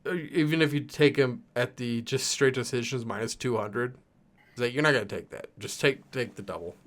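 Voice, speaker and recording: A man's voice: mid-range voice, a little fast, a bit bright. A man co-hosting a fight betting podcast in a laid-back way, laughing often. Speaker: podcast co-host. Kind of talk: casual betting chat.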